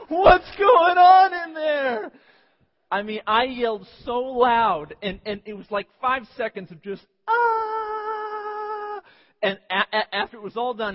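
A man pastor preaching a sermon, telling personal stories with animated voices and sudden yelps. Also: high voice. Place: church sanctuary. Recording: dull sound with long church reverb.

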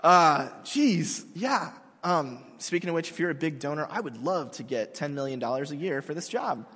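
A man's voice: on the high side, animated, moderate pace, fairly bright tone, husky. A man in his thirties, a pastor giving a sermon in a large hall, talking in a casual, self-mocking, conversational way.

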